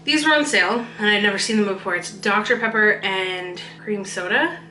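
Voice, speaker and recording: A woman's voice: mid-range voice, normal speed, sharp tone, reverberant, slight background noise, poor audio. A woman in her thirties chatting casually at home about her grocery haul, rambling with fillers. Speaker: vlogger. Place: home kitchen.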